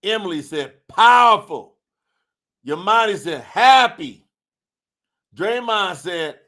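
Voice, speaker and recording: A man with a high-pitched voice speaks slowly as he hosts a religious livestream, reading chat comments aloud and preaching. His manner is animated and preacher-like, and at times he shouts.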